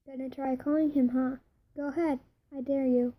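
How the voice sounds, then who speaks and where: A woman's voice: high voice, fairly even intonation, normal speed, phone-quality sound, natural voice. A woman reading the lines of a menacing, sneering male demon look-alike in a fan fiction reading, voicing him with hissing taunts. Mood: taunting.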